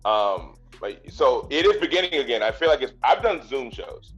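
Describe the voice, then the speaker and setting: A man hosting a podcast, chatting in a relaxed way with a friend and cracking dry jokes. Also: mid-range voice, moderate pace, husky, highs cut off, faint music behind. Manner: laid-back, dry jokes. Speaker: podcast host and comedian. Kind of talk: casual podcast chat.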